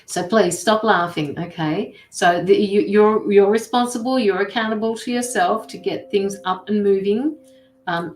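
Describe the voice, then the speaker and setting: A woman's voice: medium pitch, a little hiss or hum. A middle-aged woman giving casual tarot and mediumship readings on a livestream, chatty and rambling, blunt and swearing freely. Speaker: intuitive tarot and mediumship reader. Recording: roomy echo.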